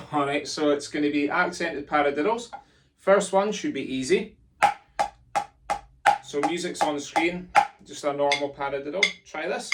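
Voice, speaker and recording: With a creaky, mid-range voice, a man leads an instructional pipe band drumming lesson: he counts in, calls rudiments, and chants sticking patterns in a jokey, encouraging manner. Loud drumming plays behind a distant mic.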